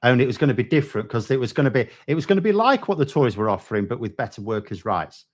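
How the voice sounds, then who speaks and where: A man's voice: mid-range voice, very animated, rapid-fire. A man co-hosting a casual political chat show, blunt and sweary as he rants about party history.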